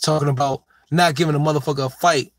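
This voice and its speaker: A man whose voice is a little high lectures his subject in a profane sports opinion monologue, drilling in his main point through heavily stressed repetition. He's a sports commentator who keeps a steady tone at a quick pace, with no echo in the recording.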